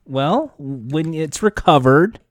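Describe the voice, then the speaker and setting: A man's voice: on the high side, lively intonation, slow pace. A man in casual podcast chat, rambling with many fillers and restarts.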